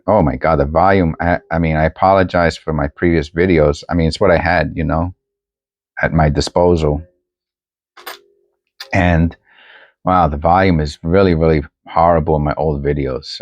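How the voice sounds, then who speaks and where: A man's voice: extremely low pitch, steady tone, normal speed, no room sound, dull audio. A man chatting casually as he sorts coins at home on a new microphone, rambling and thinking aloud with many restarts. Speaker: coin collecting vlogger. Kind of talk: casual chat while sorting coins. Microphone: new desk microphone.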